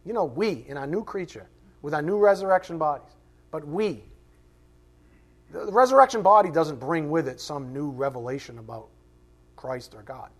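A man's voice: on the high side, expressive, normal speed, long pauses. A man teaching a Bible class in a conversational way, asking rhetorical questions and acting out quoted voices. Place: classroom with a board.

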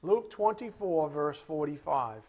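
Man, sermon, high voice, animated delivery, rhetorical questions. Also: unhurried. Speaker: Bible teacher.

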